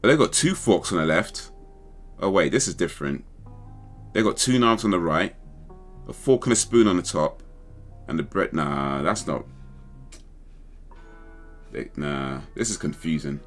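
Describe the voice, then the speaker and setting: A man's voice: deep voice, lively intonation, measured pace, pauses often, soft background music. A man hosting a casual livestream chat, rambling and thinking aloud as he second-guesses himself. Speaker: livestream host.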